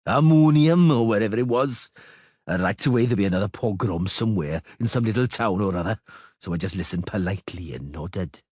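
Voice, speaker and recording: A man's voice: lowish voice, expressive, a little fast, darkish tone, slightly rough, dry recording, studio quality. A man voicing a stocky, bearded male dwarf who talks in a coarse, grumbling, mocking way.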